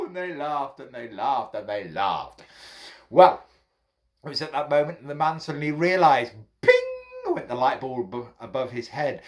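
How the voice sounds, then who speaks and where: Male storyteller, playful and very animated. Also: medium pitch, normal speed. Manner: playful, addresses listeners as friends. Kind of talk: children's folk tale storytelling.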